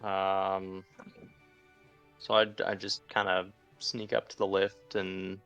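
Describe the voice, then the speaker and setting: Lower-voiced man playing a game. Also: completely flat delivery, slow, vocal fry, a bit bright, clean tone, dull audio, soft background music. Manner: blunt, matter-of-fact. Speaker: player. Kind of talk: casual role-play as a player character.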